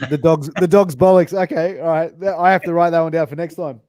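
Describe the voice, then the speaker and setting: A man's voice: fairly high pitch, fairly even intonation, fairly quick, a little mellow, no echo. A man with an Australian accent hosting a casual interview over a video call, laid-back and full of slang, laughing easily. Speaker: podcast host.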